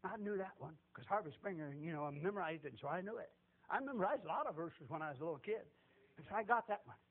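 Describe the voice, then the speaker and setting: An older man giving a folksy testimony sermon, animated and repetitive, chuckling as he tells it. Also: high voice, quick pace, narrow, tinny audio. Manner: animated, repetitive, laughs while telling.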